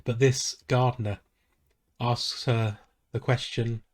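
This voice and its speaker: Male pastor, sermon, very slow delivery, measured, solemn, soft pauses. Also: mid-range voice, fairly even intonation.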